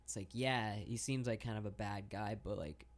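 A man's voice: lowish voice, moderate pace. Laid-back young man on college radio. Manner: laid-back storytelling, fillers, hedging. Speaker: radio show co-host. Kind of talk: casual radio chat.

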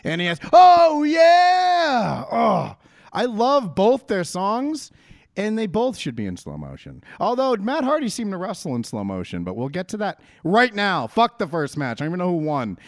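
A man's voice: high voice, sing-song, normal speed, dry recording, clean studio sound. A man ranting brashly and profanely in a casual podcast chat about wrestling. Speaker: podcast co-host.

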